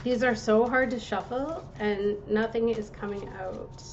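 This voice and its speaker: A woman with a fairly high voice talks viewers through a tarot reading, gentle and reassuring, sometimes pausing to apologize. The recording sounds a little dull, with a faint hiss underneath. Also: fairly even intonation. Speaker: tarot reader.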